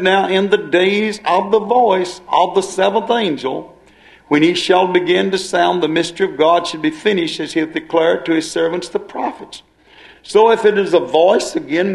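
A man's voice: sits high, gravelly. A male preacher delivering a sermon, dwelling on and repeating key phrases as he explains scripture.

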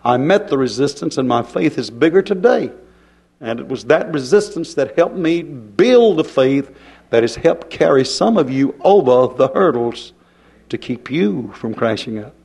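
A man's voice: mid-range voice, animated, a little slow, creaky, a little mellow, breathy edge. A middle-aged man, preaching a folksy, emphatic sermon full of rhetorical questions.

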